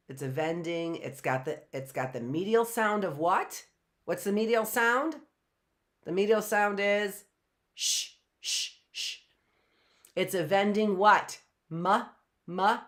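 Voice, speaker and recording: Slow-talking woman teaching phonics. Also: mid-range voice, a bit bright. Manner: patient, questioning, sounds words out slowly. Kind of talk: live online phonics lesson.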